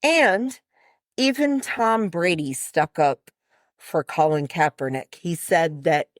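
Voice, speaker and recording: Animated woman telling a story on a podcast. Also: fairly low pitch, slow, no echo, clean studio sound. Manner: animated storyteller, acts out both sides of conversations. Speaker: podcast co-host. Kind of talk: casual podcast chat.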